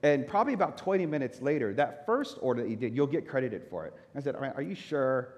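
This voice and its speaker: Animated pastor telling a story. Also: male voice, mid-range voice, fast talker, dull audio. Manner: animated storyteller, acts out his own anger. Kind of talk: storytelling sermon. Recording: echoey hall reverb.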